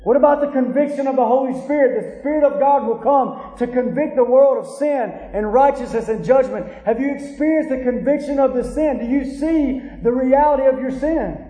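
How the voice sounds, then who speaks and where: A man's voice: extremely high pitch, normal speed, few pauses, dark tone. A man preaching a sermon, earnest and confronting, who keeps pressing his listeners with rhetorical questions. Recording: echoey hall.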